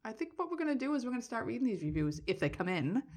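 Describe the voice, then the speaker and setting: A woman's voice: on the high side, very animated, racing, a little mellow. A middle-aged woman co-hosting a podcast, chatting casually and telling stories with lots of laughter. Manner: laughing, storytelling, playful. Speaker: podcast co-host. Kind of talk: casual chat.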